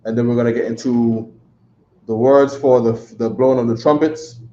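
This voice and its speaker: A man teaches a classroom lecture in a steady, dark, mid-range voice at a moderate pace, with a New York accent. He rambles conversationally, repeats himself, and often says "right?" to check in. The audio is echoey, dull, and lo-fi.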